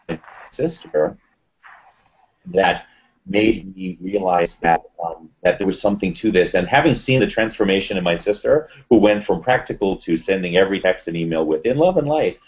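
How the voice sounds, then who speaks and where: A man speaks in a low voice as a guest in a casual interview, telling a personal story with animated retelling. He acts out the voices of the people he quotes. The sound is dull and lo-fi. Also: moderate pace.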